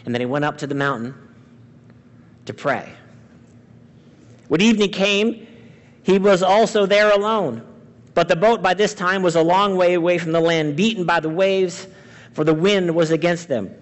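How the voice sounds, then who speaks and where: A man preaches a sermon with a high voice. He swings from loud, emphatic lines to hushed, quiet ones. A long reverb from a large hall trails behind his voice. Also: moderate pace, long pauses. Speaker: pastor.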